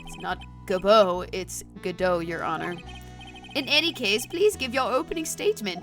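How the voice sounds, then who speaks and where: A woman's voice: medium pitch, expressive, moderate pace, a bit bright, faint music behind. A woman voicing an elderly male judge, fussy and easily swayed, speaking with polite courtroom formality.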